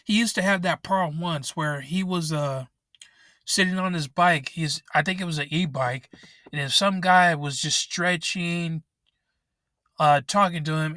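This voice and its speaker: A man's voice: a little high, a little slow, bright, forceful tone, no echo, clean studio sound. A young man angrily venting and swearing in a rant vlog, recorded in his parked car on a laptop microphone. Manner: angry, frustrated, swearing often. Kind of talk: ranting vent vlog.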